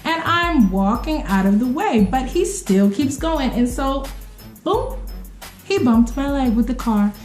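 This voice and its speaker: Animated young woman telling a story. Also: measured pace, roomy sound, faint music behind. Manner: expressive, acts out quotes with sudden pitch jumps.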